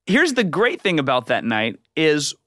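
A man tells a rambling comic story as a podcast guest, and his pitch leaps high whenever he acts out a quote. His voice is bright and a little high for a man, recorded dry and close. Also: wildly swooping pitch, unhurried, no room sound. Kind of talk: animated comedic storytelling.

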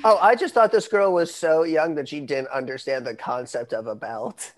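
American man telling stories, slightly high voice. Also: normal speed. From United States. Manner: swears casually, expressive storytelling. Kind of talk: casual chat.

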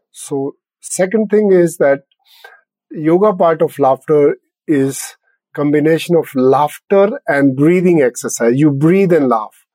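A man's voice: on the high side, warm tone, no room sound, poor audio. Cheerful older man, laughing often. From India. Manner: laughs often, explains simply. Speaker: laughter yoga founder, guest. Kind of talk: podcast interview.

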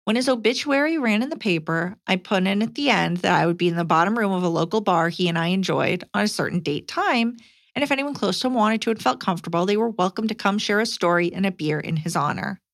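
A woman's voice: mid-range voice, animated, fast talker, dry recording. Woman reading a listener letter, dry mic. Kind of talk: casual podcast chat, reading a letter aloud.

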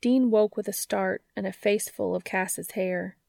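A woman narrating fiction aloud in an even storytelling manner. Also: medium pitch, unhurried, creaky, no echo, clean studio sound. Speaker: audiobook narrator.

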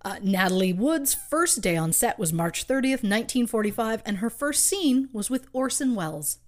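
A woman with a fairly high, animated voice speaks at a normal pace. She co-hosts a podcast and recounts a true crime story from her own research, adding wry asides and light laughter.

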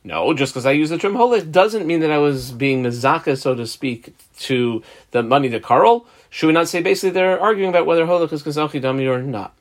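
A man's voice: on the high side, animated, brisk, few pauses. A man giving a Talmud lesson, explaining each step and marking the text aloud as he reads. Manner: explains step by step, marks text aloud, uses example names. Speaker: Talmud teacher.

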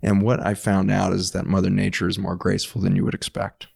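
A man with a low, gravelly voice tells a long story in the middle of a conversation. He is earnest and animated, and he acts out the quoted lines of the people in it. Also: brisk. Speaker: doctor guest.

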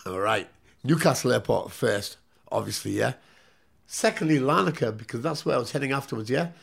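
A man's voice: mid-range voice, lively intonation, a little fast, vocal fry, breathy edge. A man telling a story in casual, profane chat, tagging his sentences with "yeah?". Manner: swears constantly, tags lines with "yeah?".

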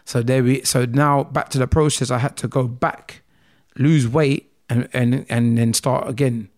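A man with a London accent, a guest telling a personal story with feeling, acting out the dialogue in a lively way. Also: mid-range voice, measured pace. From England. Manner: animated, acts out dialogue with rising voice.

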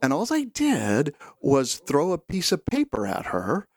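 A middle-aged man co-hosting a podcast, telling stories in a casual, animated way and acting out quoted lines. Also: on the high side, measured pace, no room sound, clean studio sound. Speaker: podcast co-host.

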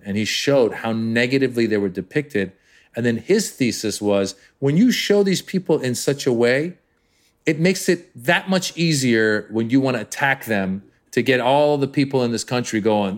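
A man in his fifties from Iran, a comedian guest on a podcast, telling stories animatedly and slipping into voices. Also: medium pitch. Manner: animated storyteller, jumps into voices. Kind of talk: podcast interview.

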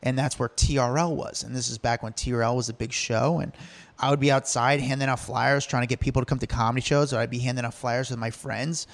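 A man's voice: medium pitch, steady tone, quick pace, gravelly. A man telling stories in a casual chat, acting out the lines he quotes and laughing often.

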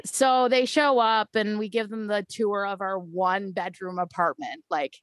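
A woman, a guest, telling a personal story in an animated way and acting out the voices of the people in it, often close to tears. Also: medium pitch, unhurried, no echo. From Canada. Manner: animated, acts out quoted voices.

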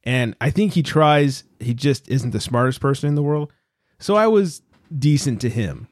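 A podcast co-host tells stories in a casual chat, swearing freely and acting out other people's lines in raised voices. His medium-pitched voice moves at a moderate pace, and the recording is dry.

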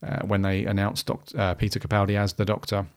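A man's voice: fairly low pitch, completely flat delivery, quick pace. A man hosting a podcast, talking casually and rambling with many restarts and fillers. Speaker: podcast host.

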